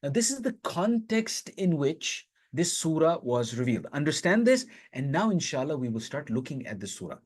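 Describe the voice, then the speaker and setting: A man's voice: a little high, big pitch swings, moderate pace, hardly any pauses, slightly rough. A man teaching a Quran lesson to listeners, explaining the verses step by step in a conversational way and reciting them in Arabic. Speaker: Islamic teacher.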